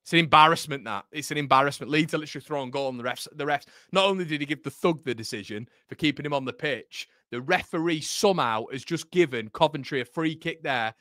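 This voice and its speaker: Excitable football fan commentating live. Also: male voice, a little high, fast talker, hardly any pauses, no echo, clean studio sound. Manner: excitable, bantering with the live chat. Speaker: live watchalong host.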